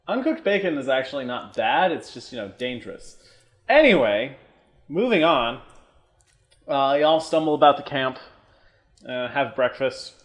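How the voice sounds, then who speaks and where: A man's voice: mid-range voice, very animated, normal speed, pauses often. A man narrating as game master in a tabletop game, casual and laughing, with plenty of fillers.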